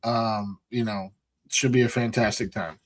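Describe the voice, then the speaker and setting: A man's voice: lowish voice, steady tone, unhurried, dry recording. A man in his thirties co-hosting a casual sports talk show, easygoing and upbeat. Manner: easygoing, upbeat, many fillers. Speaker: podcast co-host.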